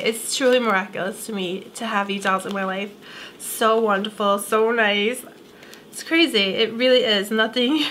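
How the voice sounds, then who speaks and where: A woman's voice: high-pitched, sharp tone, slight background noise. A young woman gushing through an emotional unboxing vlog, gasping and close to tears. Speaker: beauty vlogger.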